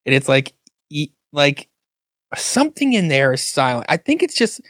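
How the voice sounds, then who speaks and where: A man's voice: a little high, very animated, normal speed, a bit bright, dry recording, clean studio sound. A man co-hosting a podcast about comics, thinking aloud in a hesitant way with lots of "like" and second-guessing. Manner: hesitant, full of "like" and hedging. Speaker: podcast co-host. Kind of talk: casual comic book chat.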